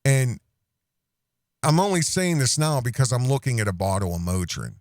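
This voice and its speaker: A man's voice: medium pitch, very animated, moderate pace, darkish tone, no room sound, studio quality. A man hosting an online commentary show, talking in a rambling, self-interrupting way with many restarts and asides. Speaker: host.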